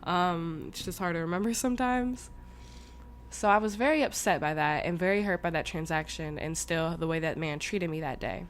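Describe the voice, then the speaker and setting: A woman's voice: lowish voice, moderate pace, a little hiss or hum. Young woman telling a raw story. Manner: animated, slangy, swears freely. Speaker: podcast host. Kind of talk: casual storytelling monologue.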